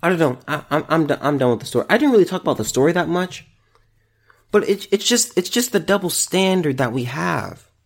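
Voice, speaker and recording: A man's voice: fairly high pitch, expressive, fairly quick, gravelly. A man hosting a solo opinion podcast, ranting in exasperation and restarting his sentences. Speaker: podcast host.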